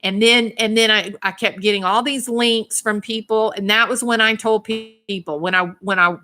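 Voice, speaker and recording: A woman with a Southern accent hosts a casual livestream and talks straight to her commenters. She is emphatic and indignant. Her voice is bright and forceful, and her pitch sits in the middle. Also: fairly even intonation, normal speed. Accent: Southern American. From American South. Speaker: YouTube channel host reading live chat.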